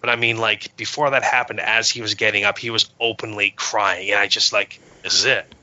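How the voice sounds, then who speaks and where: Man, low bright voice, eager rambling storyteller, lo-fi podcast sound. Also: level tone, fairly quick. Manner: enthusiastic, storytelling with many fillers. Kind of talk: casual chat. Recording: dull lo-fi sound.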